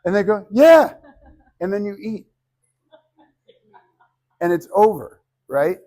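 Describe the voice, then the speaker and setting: Man, public speaking teacher, fairly high voice, lively, acts out quotes, casual swearing. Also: measured pace. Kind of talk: informal class lecture.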